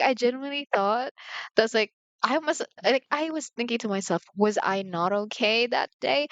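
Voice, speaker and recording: A woman's voice: fairly high pitch, a bit bright, no echo. Young woman vlogger, chatty confessional ramble, slangy, dry slightly muffled audio. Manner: rambling, heavy on "like", candid and slangy. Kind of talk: casual confessional chat to camera.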